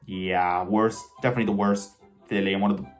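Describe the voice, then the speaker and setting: A man's voice: lowish voice, level tone, fast, faint music behind. A man giving casual, enthusiastic commentary as a video host, rambling with frequent self-corrections and asides. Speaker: video host ranking cartoon characters.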